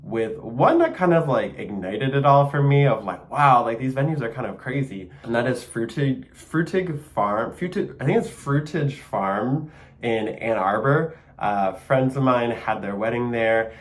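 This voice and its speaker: A man's voice: medium pitch, lively intonation, measured pace. A young man with a Michigan accent hosting a casual solo podcast, chatty and enthusiastic, with plenty of fillers and small laughs. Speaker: podcast host.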